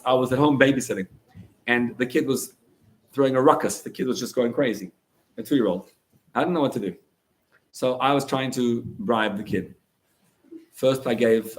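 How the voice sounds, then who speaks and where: A man gives an animated talk to high school students as a rabbi. His pitch swings widely as he acts out little scenes and quotes. He keeps it casual and conversational, never stiff. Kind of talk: lively motivational talk.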